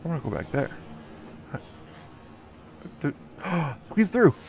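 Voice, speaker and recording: A man's voice: on the high side, sing-song, slow pace, darkish tone, soft background music. A man streaming a video game live, commenting playfully and joking back at the characters. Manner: playful, jokey, talks to the game.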